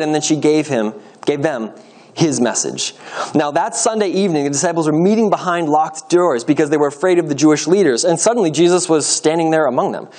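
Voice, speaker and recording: Guy reading the bible aloud, expressive, pace shifts around, slightly high voice. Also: brisk. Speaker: scripture reader.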